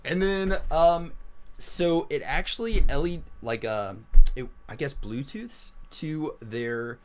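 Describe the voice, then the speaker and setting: A man hosting a live-stream reaction video, chatting excitedly and enthusiastically. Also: fairly high pitch, takes it slowly, slight background noise. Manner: excitable, enthusiastic, says "freaking" a lot.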